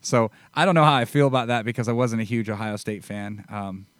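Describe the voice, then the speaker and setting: A man hosts a loose conversation in a low voice, leaning on plenty of ums as he talks. The recording is close and dry. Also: brisk, dry recording. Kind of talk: casual chat.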